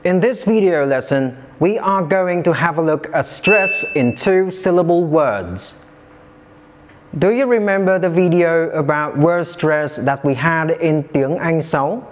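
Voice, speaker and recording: A man teaching English pronunciation in a scripted lesson, enunciating slowly and carefully and modelling words for listeners to repeat. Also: fairly high pitch, slight background noise.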